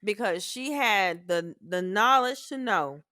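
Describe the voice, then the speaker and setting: A woman's voice: medium pitch, animated, slow pace, pushed and bright, no room sound, clean studio sound. A middle-aged woman, a mother co-hosting a family podcast, telling stories in casual chat with lots of swearing, acting out her own reactions as she goes.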